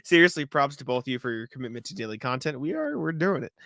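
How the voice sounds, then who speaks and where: A man's voice: mid-range voice, expressive, a bit bright, no echo, clean studio sound. A man in his twenties co-hosting a sports podcast, chatting casually, reading listener mail aloud and laughing often. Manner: quick, chatty, laughs often between remarks. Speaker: podcast co-host.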